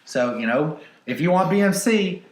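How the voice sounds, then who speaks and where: A man in his twenties co-hosting a casual podcast, bantering in a deadpan, mock-boastful way. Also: on the high side, normal speed. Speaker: podcast co-host. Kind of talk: casual joking chat. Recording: echoey room.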